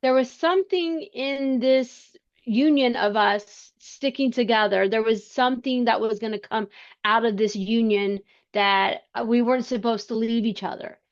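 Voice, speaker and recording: A woman as a podcast guest, telling a personal story in conversation, earnest and halting with frequent restarts. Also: fairly high pitch. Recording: slightly muffled lo-fi sound.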